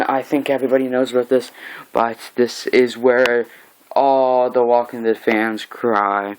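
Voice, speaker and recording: A man recapping a comic book in casual talk, reading its lines aloud in an animated way. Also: medium pitch, a little slow, clear, resonant tone, low-quality recording. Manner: animated, acts out lines with mock shouts.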